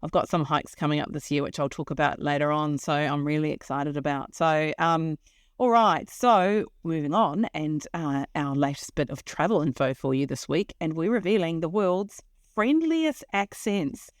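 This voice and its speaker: A woman's voice: deep voice, normal speed, no echo, clean studio sound. Bubbly New Zealand woman podcast host. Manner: bubbly, laughs a lot, with many fillers. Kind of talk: casual chat.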